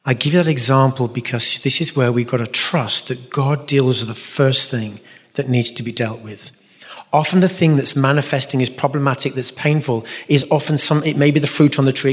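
A man with a London accent speaks to a gathering in a large hall, his voice trailing a long reverb. He talks earnestly and directly, restarts his sentences often and pokes fun at himself, at an ordinary middle pitch. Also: husky. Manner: earnest, direct, self-mocking, frequent restarts. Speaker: Catholic speaker. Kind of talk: conversational talk with audience questions.

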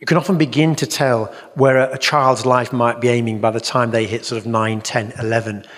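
A man's voice: medium pitch, steady tone, brisk. A middle-aged man giving an earnest teaching talk at a church conference, acting out voices in his stories. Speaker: Christian teacher. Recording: reverberant hall.

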